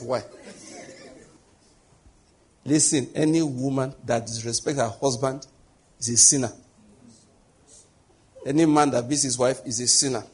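A man's voice: mid-range voice, a little mellow, slightly rough. A man preaching a conversational sermon as a pastor, full of rhetorical questions.

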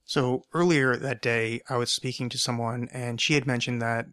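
A man's voice: medium pitch, steady tone, normal speed, a bit bright. A man hosting a podcast alone, telling a rambling anecdote and often correcting himself as he goes. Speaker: podcast host. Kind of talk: casual solo storytelling.

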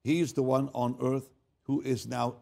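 With a gravelly, medium-pitched voice and a level tone, an older pastor tells a sermon story at a moderate pace. He shifts from hushed asides to loud, emphatic lines and often repeats words.

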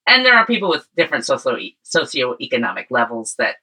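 A woman's voice: very deep voice, big pitch swings, brisk, pushed and bright, slightly rough, low-quality recording. A woman co-hosting a podcast, a speech and debate coach, chatting in a matter-of-fact, opinionated way. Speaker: podcast co-host. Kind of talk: casual chat.

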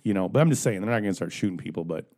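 A man's voice: low-pitched, animated, very fast, darkish tone. A man ranting in casual podcast chat, profane and joking.

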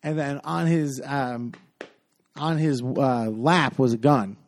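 A man's voice: medium pitch, takes it slowly. A man telling a long story in casual podcast chat, rambling with many fillers and acting out what people said.

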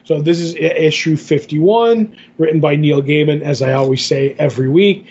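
A man's voice: on the high side, normal speed, a little mellow, husky, highs cut off. A man co-hosting a podcast, retelling a comic story in a rambling way, full of fillers and paraphrased dialogue. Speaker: podcast co-host. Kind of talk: casual comic book podcast recap.

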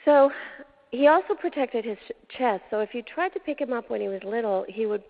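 Older woman, host, emotional storytelling, gravelly, tinny phone-like audio. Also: a little high, lively intonation. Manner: emotional, dramatic pauses, drops to hushed tones. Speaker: show host. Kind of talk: personal storytelling.

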